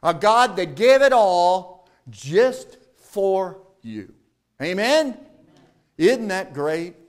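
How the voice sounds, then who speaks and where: Speaking very slowly with big swings in pitch, a male pastor alternates between booming emphasis and low, quiet lines. Throughout his sermon he invites the congregation to respond.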